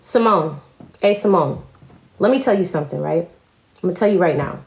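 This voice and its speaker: A woman's voice: lowish voice, expressive, fairly quick, soft background music. A woman on a live stream, confrontationally ranting at other commentators with heavy profanity and repetition. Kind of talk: heated live-stream rant. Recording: echoey room.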